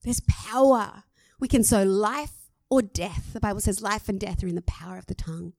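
An Australian woman pastor preaching a sermon in a lively, conversational way, laughing at herself now and then. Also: medium pitch, moderate pace, gravelly, no echo.

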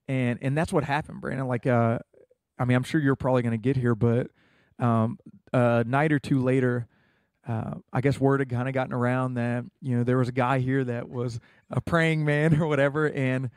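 A man's voice: mid-range voice, flat delivery, normal speed, darkish tone, no room sound, clean studio sound. A young American man in a casual interview, earnestly telling a personal story with many fillers. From United States. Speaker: guest.

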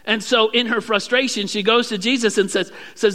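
A male pastor preaching a sermon, acting out prayers in a raised, animated voice. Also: sits high, fairly quick, few pauses, big-room sound.

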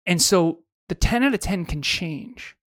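Male podcast co-host, casual storyteller, slightly high voice, dry close-miked sound. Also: expressive, a little slow, fairly bright tone, dry recording. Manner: storytelling, self-correcting restarts.

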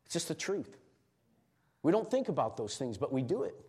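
A middle-aged male pastor preaching a sermon, moving from quiet emotional confession to loud, shouted exhortation. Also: on the high side, big pitch swings, normal speed, breathy edge.

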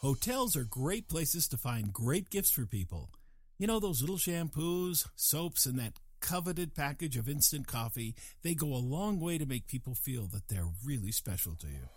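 A man's voice: medium pitch, sing-song, normal speed. An older man delivering a scripted comic monologue with a dry, wry manner, slipping into playful voices. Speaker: comedic host.

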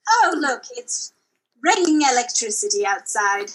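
A woman's voice: a little high, sing-song, a little slow, a bit bright, slightly rough, exaggerated voice, poor audio. A woman playing an eager, groveling male employee who stammers and refers to himself in the third person, in an improvised comedy sketch. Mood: excited.

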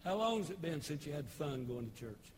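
A pastor in his sixties with a Tennessee Southern accent, preaching a folksy, humorous sermon with homespun storytelling and sudden shouted bursts. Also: a little high, big pitch swings, a little fast, background noise. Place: church service broadcast on television.

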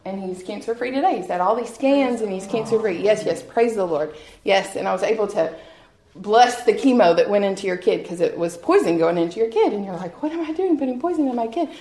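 A woman's voice: medium pitch, animated, a little fast, a little mellow. A woman shares her personal testimony before a church audience. She speaks earnestly and from the heart, often laughing at herself. Her voice rings out in a roomy, echoing hall. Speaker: guest speaker sharing testimony.

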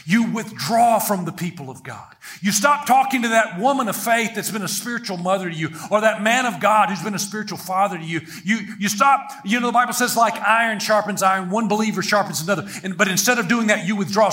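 A middle-aged male preacher delivering a lively, humorous sermon. His voice sits high for a man and has a bright, forceful edge. He draws the congregation into call-and-response, repeating lines aloud with them. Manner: energetic, playful, leads the congregation in call-and-response.

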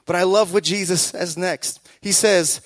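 A man with a notably high voice preaches a sermon, close and dry on the mic. He repeats key phrases, swells into loud exhortations, and slips into the voices of people in his stories. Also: steady tone, unhurried, dry recording. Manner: emphatic, repetitive, builds to loud exhortation; acts out quoted voices in the telling.

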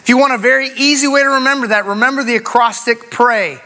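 A man's voice: very high-pitched, steady tone, fast talker, pushed and bright. A middle-aged man preaching a sermon, driving points home with emphatic repetition and calling for responses from the congregation. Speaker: pastor.

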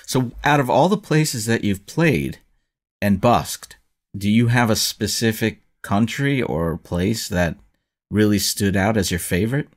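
Male host, deep voice, easygoing and reflective. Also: lively intonation, a little slow. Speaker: interviewer, host. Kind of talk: casual interview conversation.

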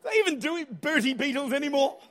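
An Australian man preaches a sermon in a church. His voice sits very high, and his delivery is energetic and humorous, climbing into shouts at the peaks. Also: quick pace, a faint crowd. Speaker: pastor. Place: church auditorium.

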